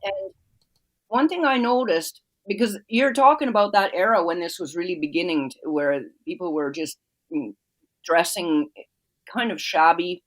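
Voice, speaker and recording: A woman's voice: on the low side, moderate pace, poor audio. A woman from Canada co-hosting a casual live-stream chat, friendly and easygoing, often laughing.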